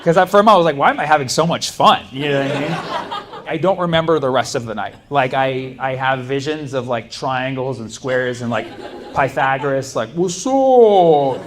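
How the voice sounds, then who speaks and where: Speaking briskly in a mid-range voice over crowd noise, a man performs stand-up at a comedy club. His stories meander, full of fillers and restarts, and the live recording has a steady background of audience ambience.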